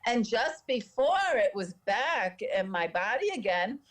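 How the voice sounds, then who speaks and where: A woman, a podcast guest, telling a personal story with lively delivery and frequent laughter. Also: mid-range voice, unhurried. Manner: lively, laughs often between sentences.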